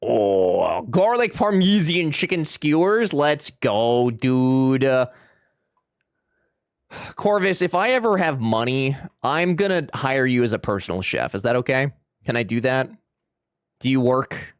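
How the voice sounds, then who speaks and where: A man's voice: medium pitch, sing-song, unhurried, no echo, clean studio sound. A man streaming a game, chatting with his viewers in a playful, teasing way. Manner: playful, teasing, jokey banter. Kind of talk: casual live-stream chat with viewers.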